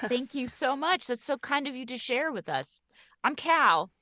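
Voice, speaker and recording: A woman's voice: high-pitched, sing-song, a little slow, sharp tone. A woman playing a character in a tabletop game, polite and gracious. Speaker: player.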